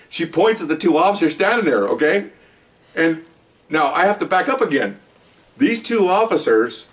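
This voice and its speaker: A man's voice: mid-range voice, recorded from a distance. A man, a former police officer, casually telling a long rambling story and acting out the voices of the people in it. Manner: rambling, animated storytelling with acted-out quotes and laughter.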